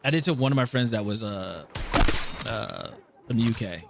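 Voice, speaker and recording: A man's voice: fairly low pitch, animated, moderate pace, vocal fry, very noisy. A man from California with a slight Southern twang, chatting casually on a live stream while he plays, telling rambling stories and cutting himself off mid-sentence. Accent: American with a slight Southern twang. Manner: rambling, self-interrupting storytelling.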